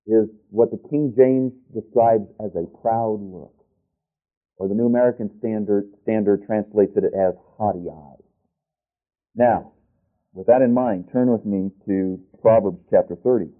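A man preaching a sermon, reading scripture aloud and stopping often to restart and correct himself. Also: on the low side. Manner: deliberate, with restarts and self-corrections. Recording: tinny phone-like sound.

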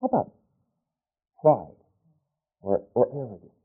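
A man's voice: mid-range voice, wildly swooping pitch, breathy edge. A man preaching a sermon, reading scripture aloud and stopping often to restart and correct himself. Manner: deliberate, with restarts and self-corrections. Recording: tinny phone-like sound.

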